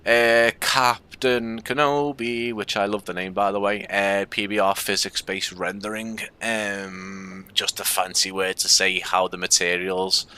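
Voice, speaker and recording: A man's voice: on the low side, flat delivery, a little slow, few pauses, sharp tone, smooth. A man with a Scouse accent giving casual, rambling commentary on a live game stream, with frequent fillers.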